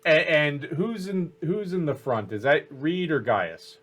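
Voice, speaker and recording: A man narrating as game master of a tabletop game, in a halting way with many fillers. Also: on the high side, lively intonation, fairly bright tone.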